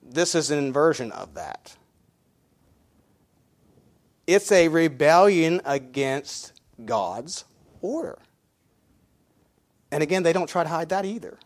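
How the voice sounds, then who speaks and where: A middle-aged pastor preaches in a loose, conversational way, full of fillers and restarts. He counts out beats aloud as he goes. His voice sits a little high for a man. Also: animated, a little slow. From Mennonite community. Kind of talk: sermon.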